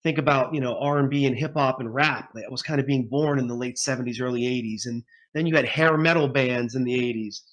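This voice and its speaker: A man's voice: medium pitch, fairly quick, hardly any pauses, fairly bright tone, muffled recording. A man in his forties, a guest musician telling his story in a rambling, casual interview, laughing often.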